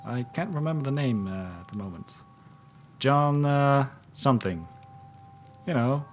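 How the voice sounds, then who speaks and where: A man's voice: mid-range voice, lively intonation, unhurried, soft background music. A man commentating a video game playthrough, making mocking jokes in a theatrical way. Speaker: gaming channel host. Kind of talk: let's play commentary.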